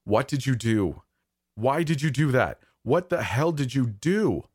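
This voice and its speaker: A man voicing a frantic, desperate middle-aged father in a horror story, shouting and pleading. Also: mid-range voice, lively intonation, measured pace, slightly rough, dry recording, clean studio sound, pitched above the performer's own voice.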